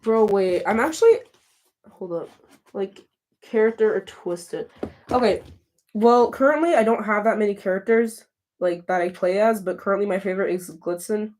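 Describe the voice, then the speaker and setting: Woman, livestream host, casual and chatty, reads and answers chat, a bit flustered, mid-pitched voice. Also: darkish tone. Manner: chatty, reacts to chat messages, quick flustered restarts.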